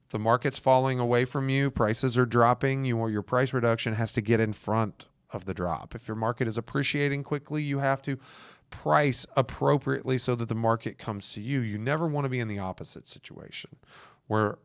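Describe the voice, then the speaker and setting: A man's voice: medium pitch, steady tone, brisk, clear, resonant tone, no room sound, studio quality. A man hosting a podcast, coaching real estate agents in a casual, emphatic way. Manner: emphatic, coaching listeners directly. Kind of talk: casual advice talk.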